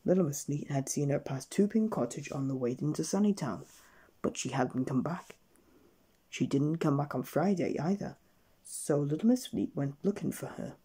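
Male storyteller, gentle bedtime reader, warm low tone with a husky edge. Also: lively intonation. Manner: gentle, unhurried storybook reading.

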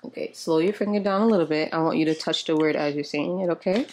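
Chatty mom vlogger, lowish voice. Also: female voice, fast talker, a little mellow. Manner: chatty, talks to viewers directly; patient, coaxing with her child. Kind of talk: casual home vlog chat. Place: apartment home. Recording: noisy home recording with clicks.

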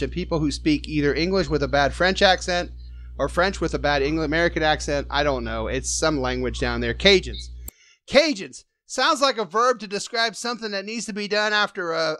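A man's voice: on the high side, sharp tone, no room sound. A man hosting a casual sports fan podcast, joking and teasing as he talks. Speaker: podcast host.

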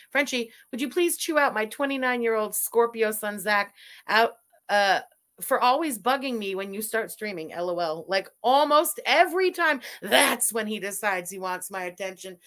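A woman streamer giving loud, animated, swearing reaction commentary while watching a video, laughing often. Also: medium pitch, moderate pace. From Canada.

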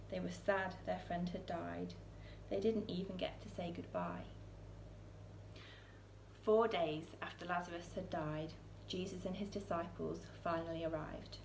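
Female storyteller reading a children's book aloud, expressive, low-pitched, roomy church with faint hiss. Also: a little slow, creaky. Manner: expressive, with soaring questions and hushed lines.

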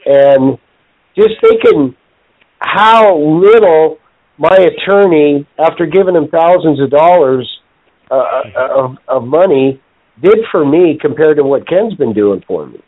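A man's voice: a little high, very animated. Earnest man over a tinny line. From Canada. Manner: earnest, halting, many restarts. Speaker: guest and client. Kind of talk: casual podcast chat. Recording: tinny phone-line audio.

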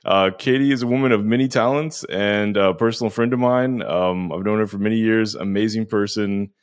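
Low-voiced male podcast host. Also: brisk, no echo, studio quality. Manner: relaxed, filler-heavy, effusive praise. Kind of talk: casual podcast introduction.

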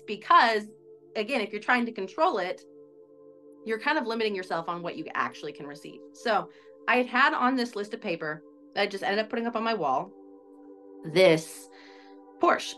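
A woman's voice: mid-range voice, pushed and bright. A woman guest telling a personal story in a chatty, self-questioning way, with lots of "like". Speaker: interview guest. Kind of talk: casual storytelling.

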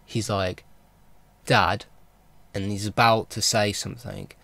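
A man's voice: fairly low pitch, flat delivery, normal speed, gravelly, bright, forceful tone, dry recording. A man vlogging a casual film recap, rambling and enthusiastic, with lots of fillers and restarts. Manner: enthusiastic fan talk.

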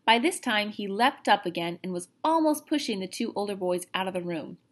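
A woman's voice: medium pitch, a little fast. Woman reading a storybook aloud. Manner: expressive, lively narration.

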